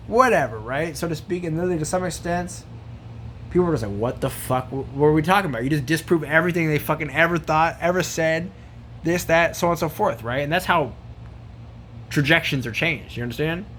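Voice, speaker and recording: A man vlogging a loose, profanity-laced rant, circling back on himself with slang and filler. His voice sits a little high for a man, and a faint hum of ambient noise sits under it. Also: a little fast, fairly bright tone. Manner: rambling, profane, slangy, says bro a lot. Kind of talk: casual rant to camera.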